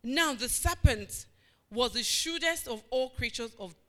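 Unhurried and expressive, a woman with a somewhat high voice gives an emphatic sermon. She repeats phrases, poses questions to the congregation, and answers them through call-and-response.

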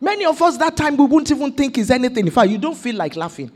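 Lively Nigerian woman pastor preaching. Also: high-pitched, quick pace. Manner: exuberant preaching, rising to shouted declarations. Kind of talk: sermon.

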